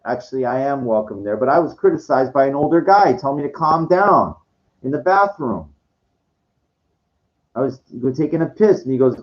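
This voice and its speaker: Fairly quick and lively in intonation, this man's voice sits on the high side. He's in his forties, ranting alone about his life with many stammered restarts, frequent swearing and fed-up outbursts, all on dull lo-fi audio.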